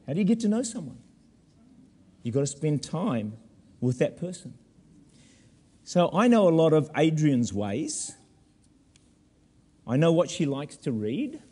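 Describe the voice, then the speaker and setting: A man preaching a sermon as pastor in a church, animated with humorous asides. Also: on the high side, unhurried, long pauses, slightly rough, big-room sound.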